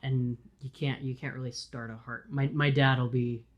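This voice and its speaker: A man's voice: medium pitch, level tone, moderate pace, muffled recording. A man co-hosting a podcast who chimes in with short comments in casual chat.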